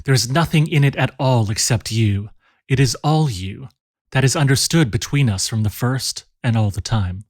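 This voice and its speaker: A man's voice: mid-range voice, moderate pace, no room sound, clean studio sound, lightly acted. A man voicing a determined young seafaring suitor in a storybook reading. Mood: pleading. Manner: pleading, earnest. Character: ardent young male sea captain, determined.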